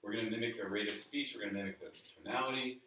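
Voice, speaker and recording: A man's voice: lowish voice, rapid-fire, bright, forceful tone, a little hiss or hum. A man from the New York area leading a live sales training workshop, speaking casually and asking the room questions. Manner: conversational coaching, asks the room questions. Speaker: workshop presenter. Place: office meeting room with a live audience. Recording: very echoey room, voice from a distance.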